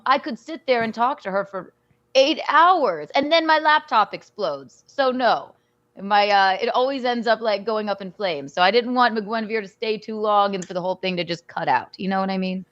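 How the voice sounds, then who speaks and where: She is a woman in casual conversation, talking animatedly and tripping over her own restarts. Her voice sits at an ordinary pitch, and the audio comes through dull and lo-fi, as if over a video call. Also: moderate pace, no echo. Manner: animated, giggly, rambling with restarts. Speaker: podcast guest. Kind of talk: casual chat.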